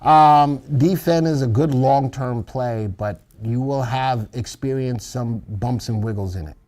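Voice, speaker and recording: A man's voice: medium pitch, measured pace, darkish tone. A man co-hosting a live stock market show, giving commentary with playful, jokey banter. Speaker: stock market instructor co-host.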